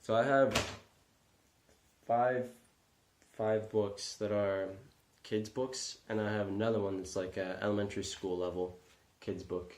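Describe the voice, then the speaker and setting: A man's voice: on the low side, flat delivery, unhurried, a little mellow. A young man vlogging casually, rambling with lots of fillers and self-deprecating asides. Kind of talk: casual vlog talk. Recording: echoey room.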